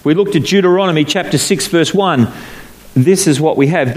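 Guy preaching a sermon to a church crowd, goes low and solemn then way up and punchy, slows right down on the big lines. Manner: emphatic, swings between low solemn and raised animated delivery; slows down to stress scripture phrases. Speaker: pastor. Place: church hall before a congregation.

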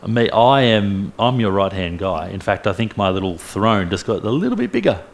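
Casting: preacher voicing a swaggering male disciple, low and gravelly, faint room hum behind. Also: very animated, moderate pace. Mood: boastful. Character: boastful, then fearful male disciple.

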